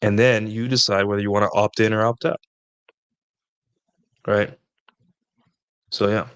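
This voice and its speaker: A man's voice: on the low side, level tone, measured pace, clean tone, no room sound. Man rambling through casual advice. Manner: rambling, repeats points with "right?" and "like". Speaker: host answering viewer questions.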